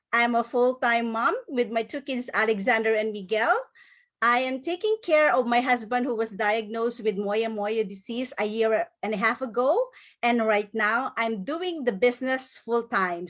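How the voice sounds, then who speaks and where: A middle-aged woman giving an emotional, grateful recognition speech from home, now and then tearing up and laughing through it. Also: fairly high pitch. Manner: tearful, grateful, breaks into laughter.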